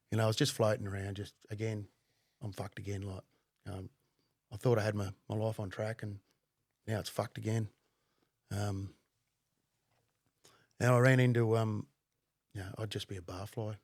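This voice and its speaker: A middle-aged man, a podcast guest telling his story bluntly, with plenty of swearing and halting fillers. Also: lowish voice, steady tone, darkish tone, no room sound, studio quality. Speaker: podcast guest, former undercover cop. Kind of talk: casual conversational storytelling.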